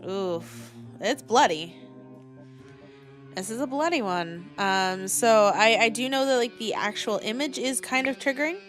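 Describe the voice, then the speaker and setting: Speaking a little slowly in a slightly high, somewhat bright voice, this VTuber chats from her attic over faint background music. She's trying out a new studio mic, wandering from topic to topic and calling out viewers by name.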